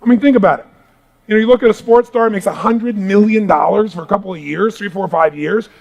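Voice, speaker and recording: A middle-aged man giving a live motivational seminar talk to a large audience in a hall, booming and energetic, swinging from hushed asides to shouting. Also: fairly quick, gravelly, dull audio. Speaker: motivational speaker.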